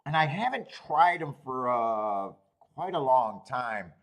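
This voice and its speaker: A man in his thirties hosts a live stream, casually chatting and reading the live chat. His mid-range voice is fairly bright and sing-song at a slow pace, and he swears freely, rambles, and laughs often.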